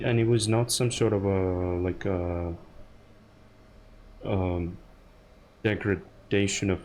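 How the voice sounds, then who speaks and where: A man's voice: low-pitched, darkish tone, slight background noise. A man streaming a game, musing and rambling aloud to his chat in casual talk.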